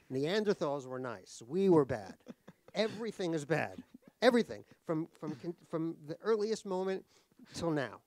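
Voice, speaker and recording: This middle-aged New Yorker, appearing as an author at a live talk in a cultural center hall, trades self-mocking, wry jokes in casual conversation and restarts often. His voice is a little high and slightly mellow, with no room sound.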